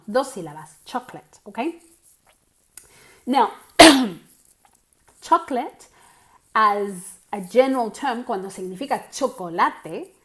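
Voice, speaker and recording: An Australian woman leads an online English lesson for Spanish speakers. Her voice sits a little high, and she explains patiently. She keeps checking in with "okay?" and slips into Spanish. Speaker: English teacher.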